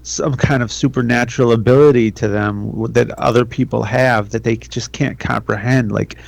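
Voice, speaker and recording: A man co-hosting a podcast, musing with deadpan asides in casual chat. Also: medium pitch, moderate pace, vocal fry. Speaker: podcast co-host.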